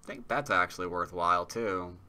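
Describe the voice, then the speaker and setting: Man commentating his own board game, low voice with a sharp, bright edge, chatty, muttering. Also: brisk. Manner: chatty, muttering to himself, humming. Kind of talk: casual live commentary while playing.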